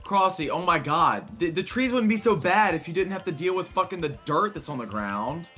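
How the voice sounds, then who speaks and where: A man's voice: sits high, lively intonation, moderate pace, pushed and bright, soft background music. A man swearing and grumbling at his friends in casual gaming voice chat. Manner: exasperated, swearing a lot. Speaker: gamer in a voice chat.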